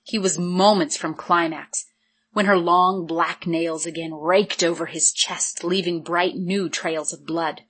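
Woman audiobook narrator, low-ish husky voice, even measured read.

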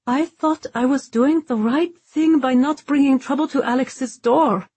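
A defiant young heroine with a sharp, sarcastic tongue, as a woman narrator puts her on. Her voice is slow and a little husky, set higher than the reader's own, and the recording is close and dry. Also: no echo. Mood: bitter, defiant. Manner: biting, sarcastic retorts.

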